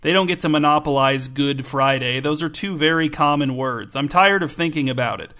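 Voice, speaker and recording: A smug, stubborn shop owner who is pleased with his own ideas, voiced by a man reading a story. The voice sits a touch high and stays plain and everyday. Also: normal speed, pushed and bright. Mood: pleased, insistent. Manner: stubborn, self-satisfied.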